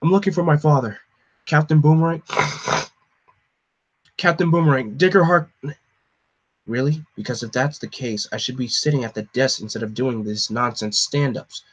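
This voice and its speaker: A man voicing a grieving young man who demands answers loudly and insistently in a comic-book reading. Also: medium pitch, moderate pace, pauses often, slightly rough, dull audio, lightly acted. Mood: angry, demanding. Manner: shouting, insistent.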